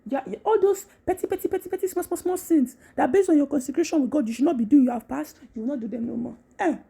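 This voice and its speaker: A woman giving a casual devotional talk, animated, repeating phrases and laughing often. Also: sits high, fast, creaky. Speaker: Christian content creator.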